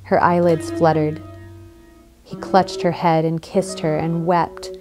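A woman narrating an audiobook in a slow, measured reading. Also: deep voice, little pitch movement. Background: faint guitar music.

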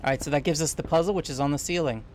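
A man's voice: a little high, very fast, a little mellow, slight background noise. A man playing a co-op game, explaining puzzles in a teasing, bossy way over voice chat. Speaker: gamer playing co-op. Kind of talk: casual gameplay chat.

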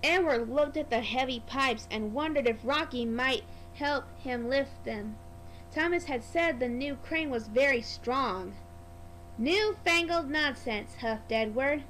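A woman's voice: high voice, measured pace, a bit bright, a little hiss or hum, poor audio. A woman narrating a children's storybook in a careful read-aloud manner.

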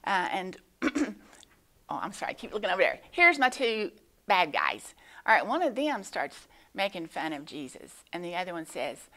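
Woman, lowish voice, Sunday school teacher, patient, halting delivery. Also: big pitch swings. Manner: gentle, explanatory, many pauses and fillers. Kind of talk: children's Bible lesson. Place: church.

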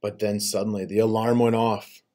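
A man's voice: fairly low pitch, level tone, moderate pace, warm tone, lightly acted. A man voicing a bossy young boy who is sure of himself. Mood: confident.

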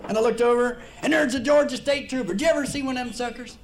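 A man's voice: extremely high pitch, quick pace. A man from the Cincinnati area doing live stand-up in a nightclub, folksy and ribbing the crowd. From Cincinnati, Ohio area. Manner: folksy, ribbing the audience, laughing at his own jokes. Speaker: stand-up comedian. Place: nightclub stage.

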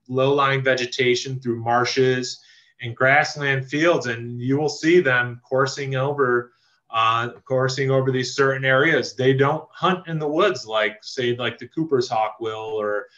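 A land trust staff member teaches birding in a casual virtual presentation, a man with a medium-pitched, sharp and bright voice who speaks a little slowly. He's relaxed and enthusiastic, full of fillers and restarts, and his video call mic gives slightly dull, lo-fi audio.

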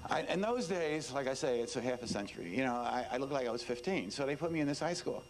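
A New York man in his seventies, once a detective, gives students an informal talk in a medium-pitched voice with lively intonation. He talks fast, emphatic and repetitive, dropping plenty of "you know"s, and the recording quality is low.

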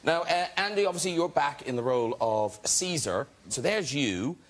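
A man hosting a talk show, chatty and quick to laugh. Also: on the high side, lively intonation, fairly bright tone. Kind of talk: casual chat.

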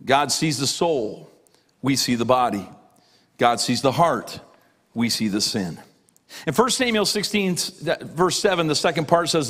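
A middle-aged man, a pastor, preaching a sermon with emphatic repetition, dropping low on key lines. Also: sing-song, unhurried, fairly bright tone.

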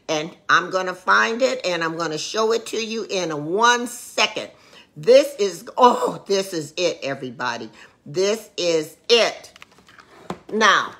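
A woman's voice: fairly low pitch, a bit bright. A middle-aged woman co-pastor teaching a livestreamed Bible lesson, preaching emphatically and rising to exclamations. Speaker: co-pastor teaching Sunday school.

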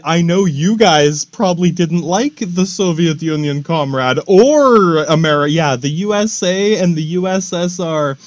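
A man's voice: a little high, no echo. A man hosting a solo podcast, rambling through a profane, joking monologue full of asides. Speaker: podcast host. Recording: dry, dull lo-fi recording.

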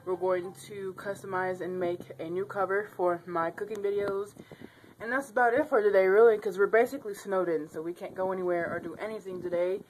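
A woman's voice: mid-range voice, fairly even intonation, fairly quick, darkish tone, slight background noise. A young woman vlogging casually at home on a handheld camera, chatty, giggly and rambling. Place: house, indoors.

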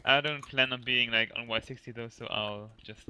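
Playful guy gaming, really bright sharp voice, laughs a lot. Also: medium pitch, steady tone, moderate pace, slight background noise. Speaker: game player. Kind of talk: casual gaming chat.

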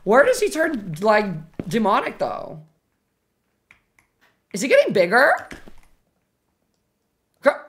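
A woman's voice: a little high, wildly swooping pitch, takes it slowly, pauses often. A young woman streaming a horror game live, chatting with viewers and shrieking when scared.

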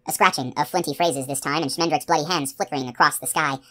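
Woman, audiobook narrator, low voice, steady expressive reading. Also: fast talker. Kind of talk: scripted narration of a novel.

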